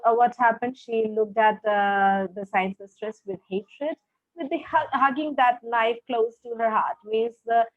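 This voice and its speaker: A woman's voice: a little high, no echo. A woman teaching a literature lesson over a video call. She explains each passage step by step and keeps checking understanding with "all right". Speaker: English teacher. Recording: tinny phone-like call audio.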